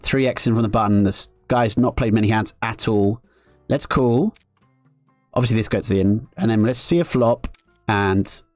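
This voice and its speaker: A man's voice: medium pitch, dry recording. A man commentating his own live poker play on stream, joking sarcastically at his own expense between strategy talk. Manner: self-mocking, sarcastic joking.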